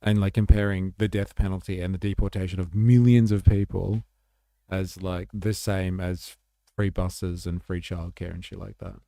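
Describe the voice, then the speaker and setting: A man hosts a casual livestream and talks straight to his viewers. His voice is low, dark and gravelly, and his talk is blunt, sweary and full of fillers. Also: flat delivery, normal speed, dry recording, clean studio sound. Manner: blunt, swears freely, chatty with many "like" fillers. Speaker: livestream host. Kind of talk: casual livestream chat, reading viewer comments.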